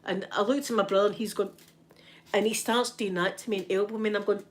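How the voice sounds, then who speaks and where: A woman's voice: mid-range voice, fast. A Scottish woman telling a story to her live chat in a casual way, acting out what people said and often asking "right?". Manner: animated, tags lines with "right?", acts out what people said. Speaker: ASMR streamer chatting with viewers.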